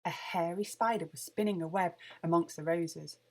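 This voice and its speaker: A woman reading a children's picture book aloud with lively, expressive storytelling. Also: fairly low pitch, moderate pace. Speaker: storybook reader.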